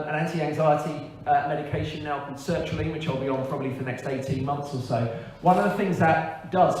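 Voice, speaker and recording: A man, a pastor, giving a frank, earnest testimony in a church service, with pauses and hesitations. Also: fairly high pitch, darkish tone, a little hiss or hum. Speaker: church pastor on leave, interviewee. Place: large echoey church hall. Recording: echoey hall, distant mic, faint ambience.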